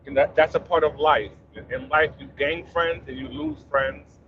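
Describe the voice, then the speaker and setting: A man in his thirties, a panelist in casual chat, speaking calmly and softly with many fillers, on dull lo-fi audio. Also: on the high side, moderate pace, creaky, background noise. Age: 30s. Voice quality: soft-spoken, calm, many fillers.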